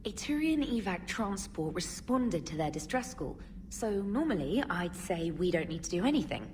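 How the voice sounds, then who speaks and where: An actress playing a brisk, helpful female communications officer on a starship in a video game, heard from a distance. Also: on the low side, big pitch swings, a little mellow, slight background noise. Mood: briefing.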